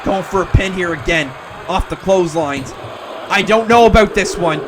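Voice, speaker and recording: High-voiced, excitable male wrestling commentator. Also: moderate pace, noisy background. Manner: excitable, shouts at near-falls. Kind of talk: play-by-play commentary.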